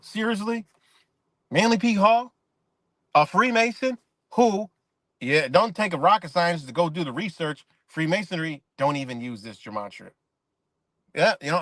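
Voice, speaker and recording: A man's voice: fairly high pitch, a bit bright, no room sound. A man streaming live, delivering a rambling, profanity-laced rant in casual talk while reacting to chat comments.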